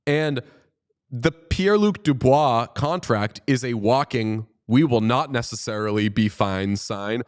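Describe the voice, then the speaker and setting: Animated, joking man co-hosting a sports podcast. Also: medium pitch, a little slow. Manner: animated, joking, swears freely. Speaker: podcast co-host. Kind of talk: casual sports chat.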